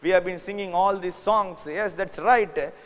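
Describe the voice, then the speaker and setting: A man's voice: high-pitched, unhurried, a bit bright. Man preaching in a reverberant hall. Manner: earnest, many "you know" fillers, non-native grammar. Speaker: pastor. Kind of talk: sermon.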